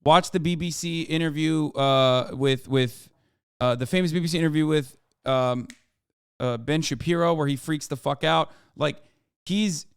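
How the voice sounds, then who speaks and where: A man's voice: on the high side, smooth, no echo, clean studio sound. A man in his thirties giving rambling, profane reaction commentary as a streamer. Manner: rambling, profane, quick asides.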